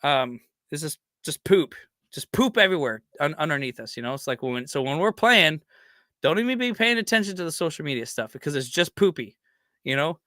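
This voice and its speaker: Guy rambling on his fan podcast, bright voice, kinda high, dry sound. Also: expressive, a little fast, dry recording. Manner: rambling, heartfelt, lots of "you know". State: getting choked up. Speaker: podcast host. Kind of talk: casual fan podcast talk.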